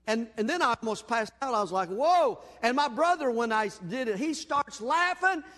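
Guy preaching in a church, real high voice, folksy story-telling, long echo off the hall. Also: moderate pace. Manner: folksy storyteller, animated and self-deprecating. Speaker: pastor. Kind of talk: sermon with personal story. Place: church sanctuary.

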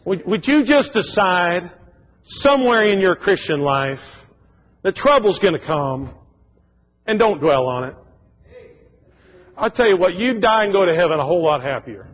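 Husky high-voiced preacher in reverberant church. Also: male voice, expressive, measured pace, long pauses, fairly bright tone, dull audio. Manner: folksy, joking, many restarts and stammered repeats. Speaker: pastor. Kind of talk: sermon. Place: church sanctuary.

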